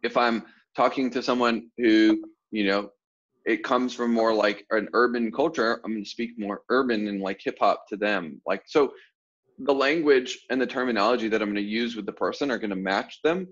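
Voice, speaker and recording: A lower-pitched man from the southern United States talks casually through a group coaching call, explaining ideas with everyday examples. The audio is dull and lo-fi, like a video call. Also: moderate pace. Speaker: sales coach.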